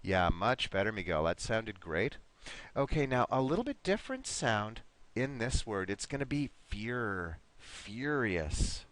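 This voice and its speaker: A man's voice: fairly low pitch, sing-song, moderate pace, a bit bright. A man teaching an online English lesson, patiently encouraging his students and modeling pronunciation word by word.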